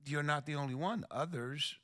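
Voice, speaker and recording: A man's voice: fairly high pitch, moderate pace, pushed and bright. A man hosting a faith-based podcast, speaking earnestly, quoting scripture and affirming his guests. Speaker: podcast host.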